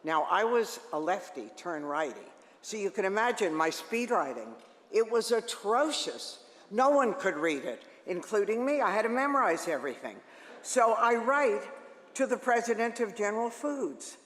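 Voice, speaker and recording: A woman's voice: medium pitch, normal speed. Older woman telling funny stories in an echoey hall. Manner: lively, joking, animated storytelling. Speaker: radio host telling career stories. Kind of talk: storytelling talk to an audience. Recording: echoey hall with long reverb.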